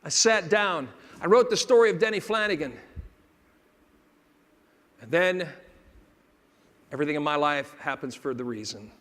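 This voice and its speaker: Male keynote speaker, high register, theatrical storyteller, hall reverb. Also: animated, normal speed, pauses often. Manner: dramatic shifts between hushed and loud, acting out dialogue. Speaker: motivational speaker.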